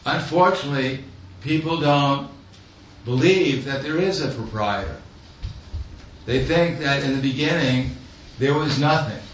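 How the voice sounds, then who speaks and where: A man's voice: mid-range voice, a little slow. A man delivers a sermon through stories, dry and wry, now and then chuckling at his own jokes. His voice sits in an ordinary middle register. He is heard from a distance in a strongly echoing hall, the sound dull and faintly noisy. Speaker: preacher. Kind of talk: storytelling sermon.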